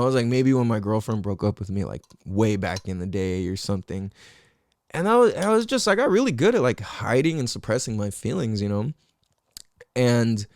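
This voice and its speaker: A young man hosting a podcast, telling a personal story in a casual, animated way, full of street slang, swearing and fillers like "like" and "you know". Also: medium pitch, no echo, studio quality. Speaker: podcast host.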